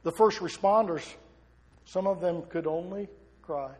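With a high, darkish voice and a somewhat slow delivery, a middle-aged pastor gives a fervent sermon. He poses one rhetorical question after another, and the large hall's long reverb carries his words.

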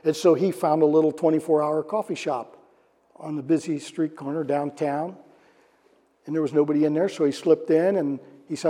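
A man preaching a sermon to a congregation in a church, animated and asking them questions. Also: on the high side. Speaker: pastor. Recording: long hall reverb.

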